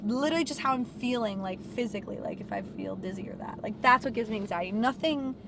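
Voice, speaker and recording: A woman's voice: a little high, sing-song, noisy background. A young woman in her twenties, a guest in a casual conversation, rambling with constant "like" fillers and casual swearing. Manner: rambling, fills every pause with "like", swears freely.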